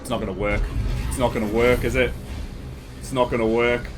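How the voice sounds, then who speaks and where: A man giving live reaction commentary, swearing often and crying out in excitement. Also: mid-range voice, fairly quick, music in the background. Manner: swears a lot, cries out in excitement. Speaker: video reactor.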